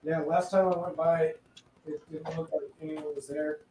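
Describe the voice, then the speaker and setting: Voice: medium pitch, flat delivery, normal speed, darkish tone, slight background noise. A player at a tabletop game who talks in an amused way and laughs often during casual banter. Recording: roomy, distant mic, faint ambience.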